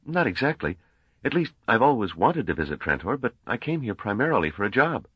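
An unsure young male mathematician, put on by a man reading a storybook, polite and hesitant, pitched clearly above the reader's own very deep voice. The reading is lively in its ups and downs, slightly husky, and recorded dry and dull. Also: a little fast, no echo. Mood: earnest, puzzled.

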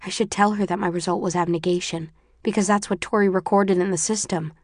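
A woman's voice: fairly low pitch, steady tone, fairly quick, dry recording. Woman reading an audiobook, dry and close. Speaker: audiobook narrator. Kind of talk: first-person audiobook narration.

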